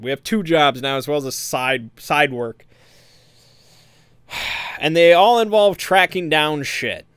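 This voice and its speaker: A man's voice: mid-range voice, smooth, no echo. A man casually recapping a tabletop game session in a meandering, hesitant, amused way.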